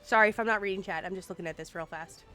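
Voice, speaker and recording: A woman's voice: medium pitch, racing, pushed and bright. A woman in her forties, a game streamer, chatting casually and swearing now and then while she plays. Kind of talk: casual live-stream chat. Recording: faint music behind.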